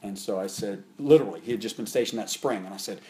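A man in his fifties, a martial arts instructor, telling stories in a casual interview. He rambles and restarts often, and his voice jumps higher and louder when he gets animated. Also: fast. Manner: rambling, with frequent restarts and fillers.

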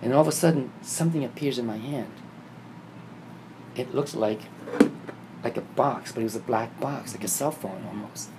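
A man casually telling a vivid dream story, acting out the scenes and getting animated and higher when excited. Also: normal speed, pauses often. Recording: noisy background ambience.

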